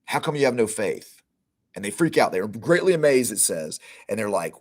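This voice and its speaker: A man's voice: lowish voice, very animated, moderate pace, a little mellow. A middle-aged man hosting a podcast, giving a conversational Bible teaching that retells scenes with informal quoted lines. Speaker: podcast host teaching scripture.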